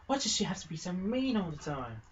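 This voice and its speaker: A game master voicing a kind young filly pony in a pony tabletop game, speaking in a gentle, soft-hearted way. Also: mid-range voice, sing-song, brisk, lo-fi sound, slight background noise, pitched above the performer's own voice, lightly acted. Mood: sorry. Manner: gentle, scolding sweetly.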